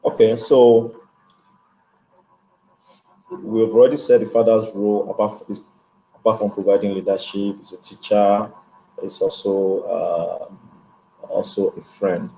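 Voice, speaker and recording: A man's voice: on the low side, little pitch movement, unhurried, vocal fry, long pauses, warm tone, low-quality recording. A man as a guest speaker, giving earnest, instructive advice in an interview. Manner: earnest, instructive, checks in with "okay?".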